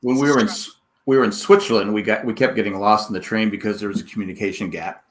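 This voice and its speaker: A man's voice: lowish voice, steady tone, quick pace. A man from California co-hosting a casual podcast chat, telling stories in a rambling way and stumbling over his words. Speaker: podcast co-host.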